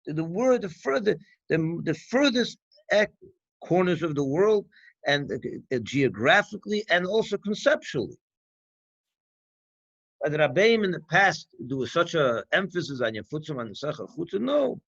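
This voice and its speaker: A man's fairly high voice with a lilt, talking through a teaching session in a loose, conversational way. He keeps firing off rhetorical questions and circling back to restart his thoughts. The recording sounds dull and dry. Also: sing-song, normal speed, gravelly, a bit bright, dry recording. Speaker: rabbi. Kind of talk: farbrengen talk.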